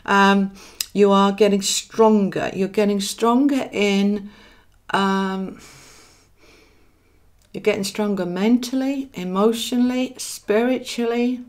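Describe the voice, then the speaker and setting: A woman's voice: mid-range voice, steady tone, slow. Affectionate Welsh woman reading tarot. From Wales. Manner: affectionate, calls viewers darling and my lovely; chatty, thinks aloud while drawing cards. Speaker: tarot card reader. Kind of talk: live-streamed tarot reading.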